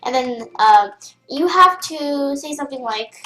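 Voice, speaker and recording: A woman's voice: high voice, expressive, measured pace, bright, forceful tone, roomy sound, faint music behind, low-quality recording. A young girl in a casual tutorial, chatty and rambling with lots of fillers and restarts, keyboard typing behind her. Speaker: game tutorial host. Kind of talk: casual screen-recorded tutorial.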